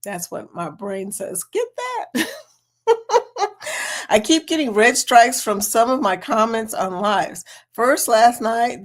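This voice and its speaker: A woman hosting a casual livestream chat, reading viewer comments aloud and laughing often. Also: a little high. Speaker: livestream host.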